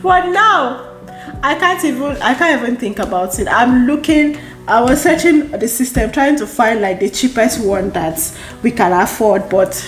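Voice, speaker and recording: Expressive Nigerian woman vlogging in a roomy space. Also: fairly high pitch. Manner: expressive, exclamatory, repeats phrases for emphasis. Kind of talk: casual chat to camera. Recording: roomy echo with faint background music.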